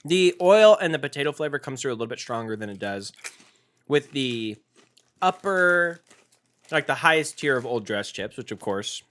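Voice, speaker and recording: A man co-hosting a casual food-tasting podcast, jokey and animated, with loud bursts of excitement. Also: medium pitch, fairly quick. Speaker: podcast co-host.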